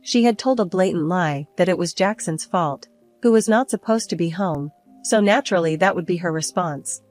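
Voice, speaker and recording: An older woman calmly narrating a story in the first person. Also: on the low side, normal speed, faint music behind. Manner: calm, even storytelling. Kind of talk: scripted narration.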